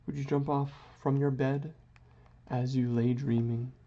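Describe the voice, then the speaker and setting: While doodling, a male vlogger wanders through a philosophical monologue, sometimes slipping into mock-grand phrasing. His mellow, medium-pitched voice stays flat and measured. The audio is dull and lo-fi.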